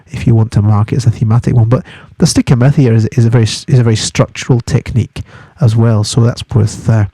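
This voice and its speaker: A Scottish English literature teacher reads a novel aloud and explains it for exam study, speaking conversationally with frequent restarts. His mid-range voice is mellow, captured in clean studio sound with no echo.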